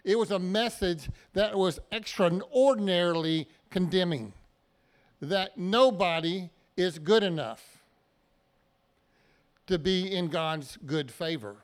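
A pastor preaches a sermon in church, addressing the congregation plainly and conversationally with everyday examples. His voice is high-pitched, and he takes his time.

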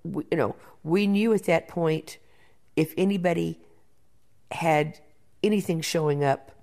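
A woman producer in an interview, telling backstage stories in a lively way and often repeating words as she thinks. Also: low-pitched, unhurried, vocal fry. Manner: animated storyteller, repeats words while thinking. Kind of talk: interview conversation.

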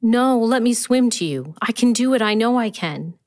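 A woman's voice: a little high, lively intonation, measured pace, dry recording, clean studio sound, voice pushed up. A woman reading the part of an anxious, devoted young mother who speaks earnestly and pleadingly. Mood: eager.

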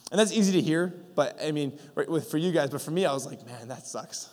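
A young man giving a sermon in a relaxed, storytelling way, full of fillers and acted-out lines. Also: a little high, quick pace. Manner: casual storytelling with fillers, acting out God's voice. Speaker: pastor. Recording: long hall reverb.

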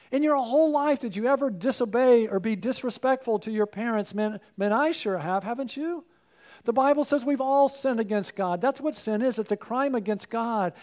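A man's voice: sits high, darkish tone. A man preaching a sermon, earnest and personal, often putting questions to his listeners.

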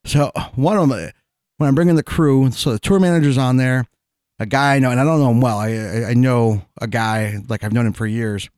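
Brief: male podcast co-host, mid voice, meandering and halting delivery. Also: mid-range voice, a little mellow, clear, resonant tone, no room sound. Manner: rambling, hesitant, restarts often. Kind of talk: casual chat.

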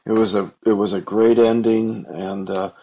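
A man's voice: fairly low pitch, little pitch movement, normal speed, mellow, rough recording. A man co-hosting a podcast, talking thoughtfully and hesitantly about old films. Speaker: podcast co-host. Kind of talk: casual chat.

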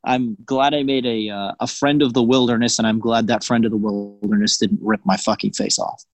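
Man riffing with deadpan exaggeration. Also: mid-range voice, normal speed, dry recording. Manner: jokey, exaggerated storytelling. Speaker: podcast co-host. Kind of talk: casual comedic chat.

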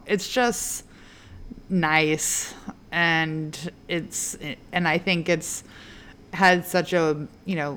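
A woman with a low, deep voice talks casually as a podcast co-host. She muses aloud, trailing through fillers and restarts. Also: a bit bright, slight background noise. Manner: chatty, drawn-out musing with many fillers. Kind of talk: casual chat.

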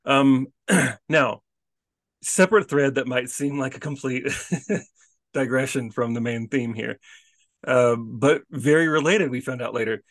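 A man co-hosting a casual podcast, spinning an animated story with plenty of restarts and little laughs. His voice sits at a middling pitch. The recording is close and dry, with no room sound around it. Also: unhurried, no echo. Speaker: podcast co-host.

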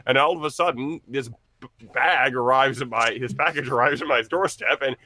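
Bright animated storyteller man. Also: mid-range voice, normal speed, slight background noise. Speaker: podcast co-host and game master. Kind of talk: casual chat among friends.

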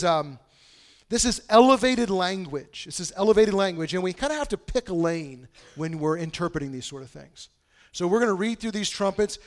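Pastor preaching, kinda high voice, goes quiet then suddenly loud. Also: male voice. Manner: conversational, swings from hushed to loud emphatic bursts. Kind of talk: sermon.

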